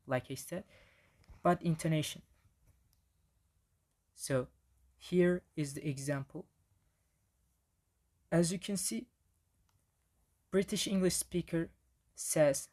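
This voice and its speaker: A man's voice: on the high side, darkish tone. Man giving a casual slide lecture. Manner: casual, frequent restarts and fillers.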